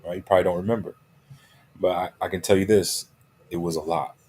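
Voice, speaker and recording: A man's voice: low voice, fairly even intonation, fast, a little mellow, slight background noise. A man giving a motivational talk as a coach. He stresses his key phrases and keeps checking in with "right?" and "okay?". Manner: emphatic, repeats key phrases.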